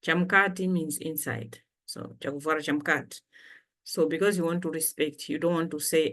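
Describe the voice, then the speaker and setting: A woman's voice: deep voice, fairly even intonation, normal speed, a bit bright. A woman from Malawi teaching vocabulary in a casual lesson, patiently repeating each word for learners. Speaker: language teacher.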